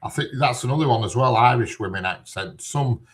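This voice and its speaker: A man's voice: medium pitch, fairly quick, a loud crowd. A middle-aged man, chatting casually and rambling from one point to the next with plenty of fillers. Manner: rambling, digressive, lots of fillers. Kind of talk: casual chat.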